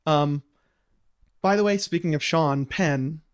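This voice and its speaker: Brief: male podcast co-host, slightly high pitch, jokey asides. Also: clear, resonant tone. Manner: joking, laughs often, quick asides. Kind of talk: casual chat.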